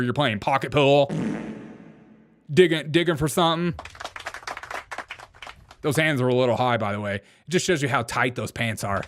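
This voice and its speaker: A man's voice: medium pitch, normal speed, pauses often, slight background noise. A man hosting a casual political commentary show, sarcastic and joking, often breaking into laughter. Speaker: show host.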